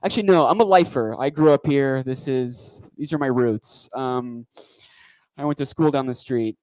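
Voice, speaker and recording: A man's voice: mid-range voice, normal speed, a little mellow, no echo, rough recording. A man doing a stand-up comedy set on a club stage, talking into a handheld mic with a wry, rambling delivery.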